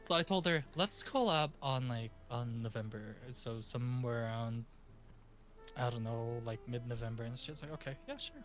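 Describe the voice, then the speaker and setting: A man's voice: medium pitch, moderate pace, a bit bright, soft background music. A man telling a story in casual chat, acting out quotes from his chat and friends. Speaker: VTuber guest.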